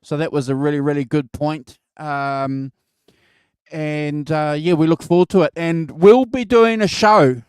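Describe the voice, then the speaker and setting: A man hosting a live music chat show, halting and repeating words in a friendly way. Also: fairly high pitch, clear, resonant tone, no echo, studio quality. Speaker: host. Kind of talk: casual live-stream chat.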